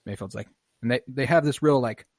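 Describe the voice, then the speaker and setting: A man's voice: medium pitch, no echo. Young man recapping scenes on a dry podcast mic. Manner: relaxed, profane, retells scenes with quick quoted voices. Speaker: podcast host. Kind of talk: casual podcast chat recapping a show.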